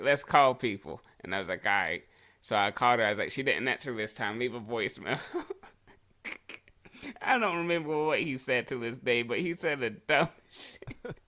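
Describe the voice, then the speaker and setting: A podcast co-host with a pushed, bright, mid-range voice tells a crude story during casual chat. He laughs often as he goes.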